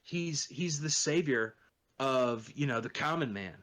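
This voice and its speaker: A man's voice: medium pitch, animated, measured pace, a bit bright. A man co-hosting a podcast, rambling through a story in casual chat, full of swearing and filler words. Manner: rambling, profane, lots of "you know" and "like". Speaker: podcast co-host.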